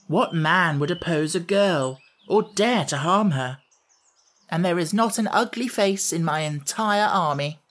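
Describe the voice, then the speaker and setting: A man's voice: high-pitched, a little slow, fairly bright tone. A man reading an audiobook, voicing a bold and scornful young female rebel general.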